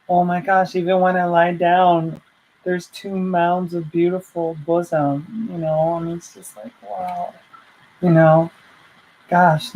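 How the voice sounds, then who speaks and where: A woman's voice: lowish voice, lo-fi sound. A woman vlogger telling a personal story in a heartfelt, rambling way, full of fillers and restarts.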